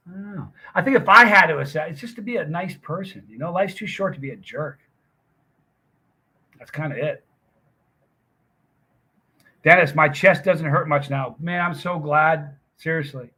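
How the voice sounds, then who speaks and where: A middle-aged man talks to his live chat in a loose, rambling way, telling stories as they come to him. His voice is husky and forceful, and he sits close to the mic. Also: on the high side, normal speed. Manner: rambling storyteller, chatty. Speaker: livestream host. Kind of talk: casual chat with live viewers.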